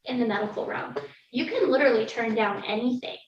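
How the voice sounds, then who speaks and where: Podcast guest, woman, slightly high voice, candid chatty storyteller, lots of "like"; distant roomy mic, dull audio. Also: fast talker. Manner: candid, lots of "like", laughs through hard moments. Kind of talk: casual personal storytelling. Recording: roomy, distant, dull sound with faint ambience.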